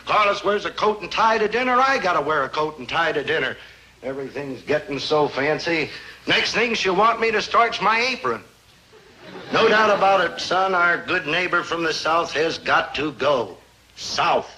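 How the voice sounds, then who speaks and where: Brief: tight-fisted sitcom father, middle-aged, grumbling, slightly high and sharp. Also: moderate pace, a little hiss or hum, rough recording. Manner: complaining, gruff. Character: grumbling penny-pinching middle-aged dad. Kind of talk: 1960s sitcom acting.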